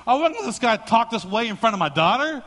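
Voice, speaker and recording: A male pastor delivers an animated sermon, mixing jokes with storytelling. His voice is high and bright. A long reverb fills the sanctuary around him. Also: fast talker. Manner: storytelling, joking, animated preaching.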